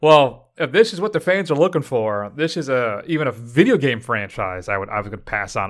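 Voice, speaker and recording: A man's voice: medium pitch, brisk, hardly any pauses. Guy reviewing movies on a podcast, chatty and jokey, average voice. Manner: animated, joking. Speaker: podcast co-host. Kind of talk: casual film review chat.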